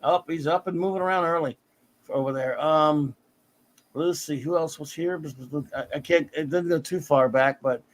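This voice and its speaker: A middle-aged host of a comics talk stream chats casually at normal speed in a fairly high voice. He warmly calls out and thanks his chat viewers by name.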